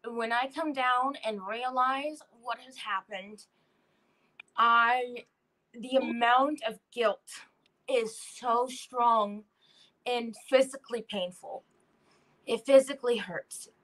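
Young woman guest, talks real slow, heartfelt and earnest. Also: on the high side, a bit bright, rough recording. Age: young adult. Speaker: guest, daughter. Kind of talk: personal testimony.

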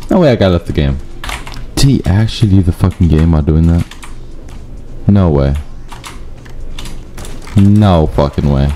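A man giving profane live commentary over his own gameplay, muttering low and then yelping up high when things go wrong. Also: expressive, unhurried, long pauses, warm tone, slight background noise. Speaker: gaming YouTuber.

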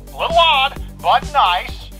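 Sheriff Woody, a folksy cowboy toy. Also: male voice, very high voice, very animated, slow pace, faint music behind, heavily acted. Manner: folksy drawl, shouted yeehaws. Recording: small toy speaker heard from a distance.

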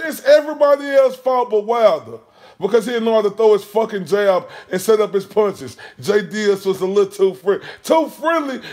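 A man's voice: sits high, darkish tone. A man ranting about boxing on his channel, heated and mocking, swearing constantly. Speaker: boxing commentary vlogger. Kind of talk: profane casual rant.

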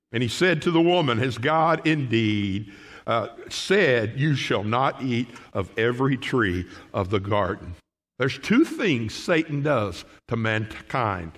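A male pastor preaching a Sunday morning sermon. He calls the congregation "folks" and reads scripture aloud. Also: medium pitch.

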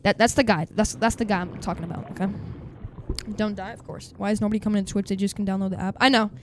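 Speaking fast over some background noise, a young-sounding man with a high voice keeps up casual banter with viewers during his live game stream, breaking out in loud, excited yells.

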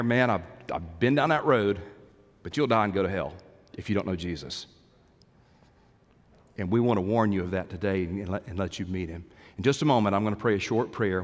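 Earnest male pastor in echoing sanctuary. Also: fairly low pitch. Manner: earnest, rising to urgent pleas, then hushed prayer. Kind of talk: sermon. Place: church sanctuary. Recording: long church hall reverb.

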